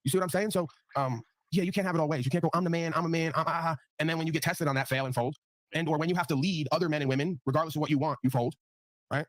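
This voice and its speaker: Fast-talking, profane man hosting a panel. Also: a little high, no room sound. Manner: blunt, profane, repeats tag questions. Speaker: livestream panel host. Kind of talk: casual ranting talk.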